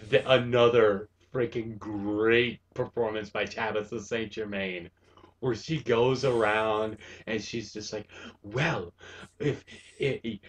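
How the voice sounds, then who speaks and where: Slow-talking, excitable man reviewing a cartoon. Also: on the low side. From Wisconsin. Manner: excitable, gushing, breaks into laughter. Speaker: show host reviewing a cartoon episode. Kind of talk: casual review chat.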